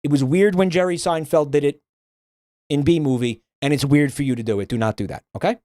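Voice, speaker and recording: A man's voice: fairly high pitch, fairly quick, dark tone, dry recording, clean studio sound. A man streaming, ranting bluntly and swearing a lot in casual livestream commentary.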